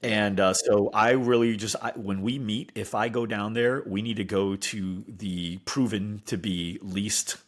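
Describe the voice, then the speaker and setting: A man's voice: on the low side, fairly even intonation, unhurried, hardly any pauses. A man from the United States hosting a podcast, chatting casually and laughing often. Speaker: podcast host.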